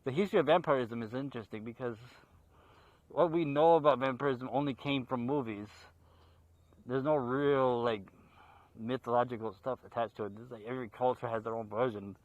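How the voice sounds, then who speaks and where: A man hosting a horror movie show outdoors in a park, talking casually and off the cuff, excitable and quick to laugh. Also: medium pitch, dry recording, lo-fi sound. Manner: excitable, laughs a lot, jokey asides.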